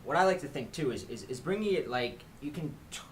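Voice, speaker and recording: A man's voice: a little high, animated, quick pace, a little hiss or hum, poor audio. A man hosting a casual dating-advice chat, rambling, restarting, and asking his guest questions. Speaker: dating coach host.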